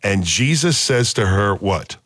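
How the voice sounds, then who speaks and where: A man's voice: fairly low pitch, animated, unhurried, fairly bright tone, no room sound, studio quality. A man leading a casual Bible study discussion, quizzing the group with questions and repeating key words as he teaches.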